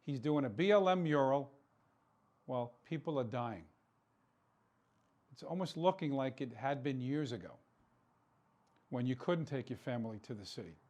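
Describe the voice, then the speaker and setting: A man's voice: mid-range voice, animated, moderate pace, long pauses, a little mellow. A man hosting a political talk show, delivering an impassioned commentary monologue full of rhetorical questions and repeated words for emphasis.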